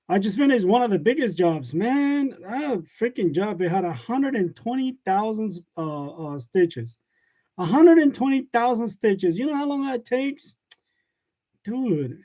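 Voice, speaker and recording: A man with a high, mellow voice hosts a casual live chat from his workshop for a print shop channel, reading comments aloud, joking and laughing often. He's recorded on a wireless lavalier mic.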